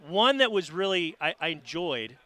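A man's voice: a little high, sing-song, normal speed, bright, forceful tone, no echo. A man hosting a casual sports interview, friendly and eager with his guest.

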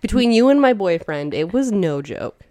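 Young woman co-host, expressive swinging voice, casual and laughing, dry close mic. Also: medium pitch, normal speed, dry recording. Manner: animated storyteller, laughing often. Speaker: podcast co-host. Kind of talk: casual chat.

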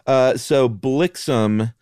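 A man's voice: medium pitch, very slow, a little mellow, clear, resonant tone, dry recording, clean studio sound. A man co-hosting a casual podcast, bantering wryly and teasing his partner. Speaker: podcast co-host. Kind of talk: casual chat.

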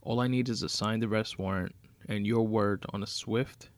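A man's voice: fairly low pitch, steady tone, normal speed, dry recording, natural voice. A man voicing a pushy male prison warden calling in a favor, firm and insistent.

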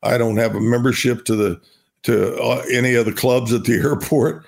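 Older gravelly Oklahoma man reminiscing. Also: medium pitch, fairly even intonation, normal speed. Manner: storytelling, repeats himself, warm laughs. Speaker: guest, retired baseball player. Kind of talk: relaxed interview talk.

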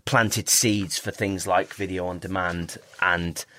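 A man's voice: low voice, steady tone, slow pace, sharp tone. A man, a podcast guest, talking in a loose, chatty way, often restarting his sentences and swearing. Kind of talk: casual interview chat.

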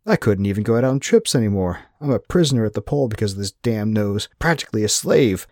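A man's voice: on the low side, lively intonation, fast talker, no room sound, studio quality. A man voicing a bitter, whiny male reindeer. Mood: plaintive. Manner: whiny, plaintive, bursts into angry shouting. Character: sulky male reindeer, bitter and self-pitying.

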